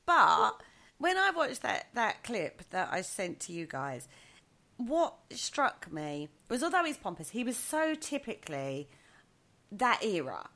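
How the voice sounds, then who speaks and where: A woman co-hosting a casual chat show, animated and quick to laugh, leading the discussion. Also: medium pitch, a crowd in the background. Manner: animated, laughs often, leads the topic. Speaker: podcast co-host.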